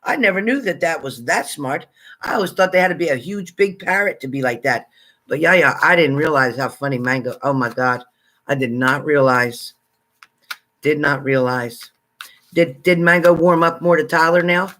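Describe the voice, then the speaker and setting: A man hosting a casual livestream, chatting with viewers and greeting them by name, excitable and exclamatory. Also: fairly high pitch, fairly quick. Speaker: livestream psychic reader. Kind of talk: casual live chat with viewers.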